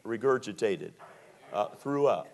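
A middle-aged man from Maryland preaching a sermon, telling stories with slow, drawn-out emphasis and many fillers. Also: lowish voice, animated, a little mellow. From Maryland, USA.

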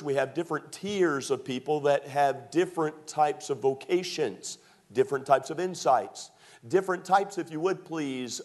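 A man preaching a sermon as pastor, folksy joking asides that build into emphatic preaching. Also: medium pitch.

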